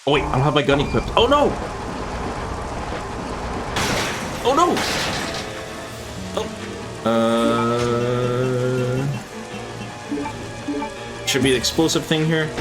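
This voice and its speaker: Over music, a gaming streamer speaks slowly at medium pitch, leaving long pauses. He chats and rambles casually with his viewers as he plays, swearing freely.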